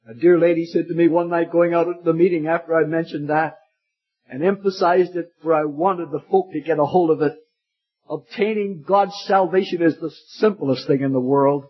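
A man's voice: fairly high pitch, fairly even intonation, normal speed, breathy edge. A man preaching an emotional sermon, repeating his points and calling the listener "friend". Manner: emphatic, repeating phrases, addresses listener as friend. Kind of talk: evangelistic sermon. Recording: dull lo-fi sermon recording.

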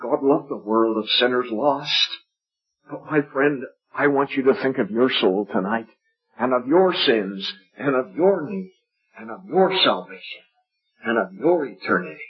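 A man preaching an evangelistic sermon at a gospel meeting, emphatic and dwelling on repeated phrases, sometimes dropping to a hush. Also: medium pitch, lively intonation, unhurried, breathy edge. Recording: dull lo-fi recording.

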